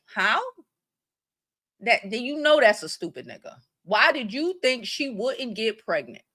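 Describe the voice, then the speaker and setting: A woman's voice: a little high, bright, forceful tone. A woman hosting a commentary vlog, talking bluntly and profanely with a mocking edge. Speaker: vlog host. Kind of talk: casual commentary.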